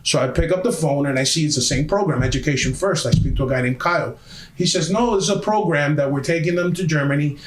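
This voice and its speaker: A man's voice: a little high, quick pace, echoey room. A man telling a story on a podcast in a heated, emphatic way, swearing often. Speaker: podcast guest. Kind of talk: casual storytelling.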